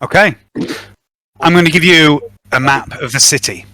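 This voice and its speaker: Man game master, fairly high voice, bright tone, casual narration, dry close sound. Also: normal speed, no echo. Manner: casual, relaxed narration with fillers.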